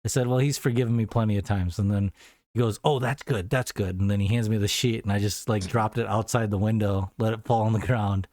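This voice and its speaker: Male co-host, dry deadpan storyteller, casual chat in a dead room. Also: lowish voice, a little fast, no echo. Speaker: podcast co-host.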